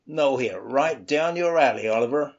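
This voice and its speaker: Radio drama: male actor as a domineering, impatient boss, mid-pitched, dull muffled recording. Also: lively intonation, moderate pace, close to an everyday voice. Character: bullying bossy male employer.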